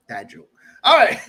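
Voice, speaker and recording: A man chatting on a live stream from home, joking and chuckling through rambling asides. His voice is high and bright and swings widely. He takes his time. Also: slightly rough. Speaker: livestream host. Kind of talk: casual live-stream chat. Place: home during a storm.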